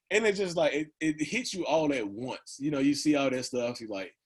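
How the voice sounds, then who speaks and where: Husky rambling man in his thirties. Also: fairly high pitch, normal speed. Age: 30s. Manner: rambling, full of "like" and "you know", laughs often. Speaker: guest. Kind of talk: casual conversational storytelling.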